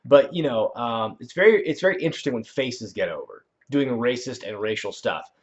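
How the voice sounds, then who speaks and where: A man's voice: medium pitch, animated, brisk. Rambling man on a dull lo-fi stream. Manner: rambling and self-correcting, with sudden loud outbursts reacting to the game. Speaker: channel host. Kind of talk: casual livestream chat while playing a video game.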